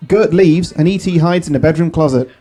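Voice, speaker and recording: A podcast host narrating a comic story at a live pub show. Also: male voice, a little high, a little fast. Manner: steady storyteller.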